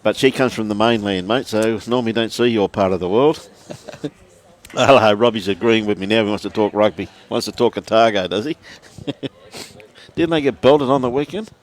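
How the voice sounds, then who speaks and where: This is live sports commentary on lawn bowls from an Australian man who is chatty and jokey, laughs easily, says hello to viewers and calls everyone mate. His pitch sits on the low side, his intonation stays fairly even, and his pace is moderate.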